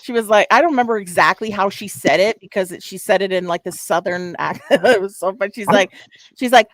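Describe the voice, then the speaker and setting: A woman chatting bluntly on a livestream panel. She swears freely and gets excited when she talks. Her voice sits at an ordinary middle pitch. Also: fast, no room sound, low-quality recording. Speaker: panel guest. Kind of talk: casual livestream panel chat.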